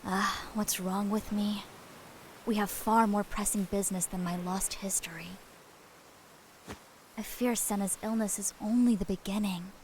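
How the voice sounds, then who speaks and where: An actress voicing a calm, selfless young female apothecary in a video game, composed and earnest. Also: medium pitch, unhurried, pauses often, a little hiss or hum, natural voice, low-quality recording. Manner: composed, earnest, soft-spoken.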